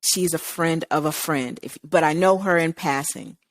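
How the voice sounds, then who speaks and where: A woman's voice: sits low, moderate pace, no room sound, clean studio sound. A woman co-hosting a radio talk show, telling a long story casually and acting out the people's lines as she goes. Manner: animated retelling, acting out quoted lines. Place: radio studio.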